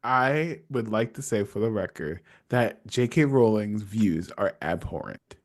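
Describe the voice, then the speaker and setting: Playful male podcast guest, casual chat, very lively intonation. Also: fairly low pitch, measured pace. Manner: playful contrarian, swooping expressive delivery.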